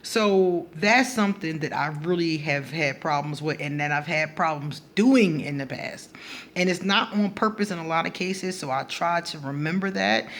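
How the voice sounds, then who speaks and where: A woman talking straight to camera in a casual astrology vlog, blunt and animated, breaking into laughter between her points. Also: deep voice, moderate pace, slight background noise. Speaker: astrology vlogger.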